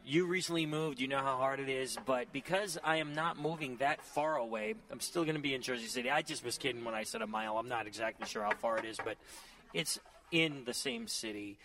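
A man hosting a podcast, chatting excitedly and casually from a busy bar. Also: medium pitch, fairly quick, creaky. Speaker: podcast host. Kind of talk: casual chat.

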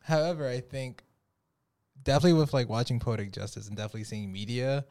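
A man's voice: mid-range voice, quick pace, a little mellow. A man chatting casually as a podcast guest, rambling through a story with lots of fillers and restarts. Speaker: guest musician.

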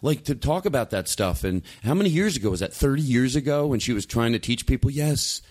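A man hosting a podcast, telling stories in a rambling, animated way with many restarts. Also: medium pitch, brisk. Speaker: podcast host. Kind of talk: casual storytelling chat.

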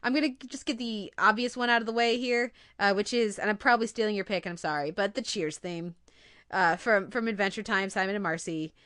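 With a smooth, fairly bright voice of medium pitch, she talks a little fast while reviewing TV casually on her podcast, growing emotional and gushing over favorite scenes. The sound is clean studio quality with no echo.

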